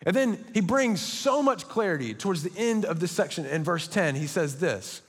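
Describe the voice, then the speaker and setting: A young adult man preaching a sermon as pastor, telling stories in a lively way with quick asides. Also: high voice, husky. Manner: energetic storytelling with quick asides. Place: church auditorium. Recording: reverberant church auditorium.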